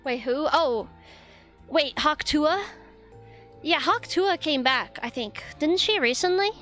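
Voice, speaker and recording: A woman's voice: high-pitched, expressive, slow, sharp tone, soft background music. A young woman streamer chatting casually, flustered and rambling, swearing often. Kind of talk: casual live-stream chat.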